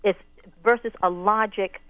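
A woman's voice: mid-range voice, fairly even intonation, a little slow, no room sound. A woman calling in to a radio talk show, talking in a hesitant way and searching for her words. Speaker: caller. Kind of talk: radio call-in discussion. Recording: tinny phone line.

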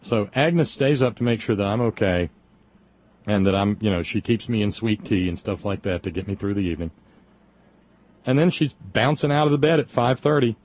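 A middle-aged man, co-hosting casual radio talk, halting with wry humor. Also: fairly low pitch, lively intonation, muffled recording. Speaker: co-host.

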